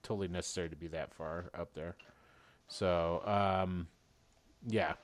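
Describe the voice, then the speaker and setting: A man running a tabletop game as game master over a video call, rambling and halting with many fillers. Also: deep voice, fairly even intonation, no room sound.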